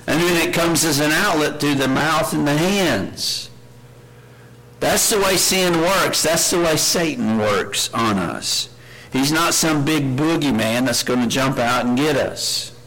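A man's voice: fairly high pitch, unhurried, a bit bright, low-quality recording. A man preaching a sermon, earnest, asking his listeners questions and reading scripture aloud with rising emphasis. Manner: earnest, asks the congregation many questions.

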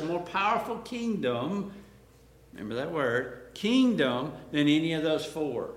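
A man's voice: a little high, sing-song, a little slow. A man preaching a Bible-teaching sermon, explaining words and asking his listeners questions, building to emphatic points. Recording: roomy echo.

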